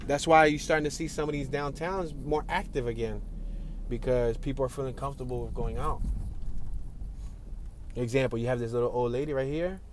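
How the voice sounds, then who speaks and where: A man's voice: mid-range voice, fairly quick, a little hiss or hum. A man giving casual running commentary while driving through city streets, chatty and laughing often. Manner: chatty, laughs often, talks to people outside the car. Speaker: driving tour vlogger. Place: inside a car in city traffic.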